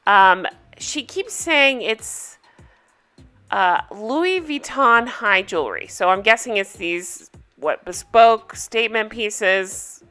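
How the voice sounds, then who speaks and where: Woman recap host, bright tone, blunt, emphatic and profane. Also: mid-range voice, animated, takes it slowly, clean tone, faint music behind. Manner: blunt, emphatic, swears freely. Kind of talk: casual video recap commentary.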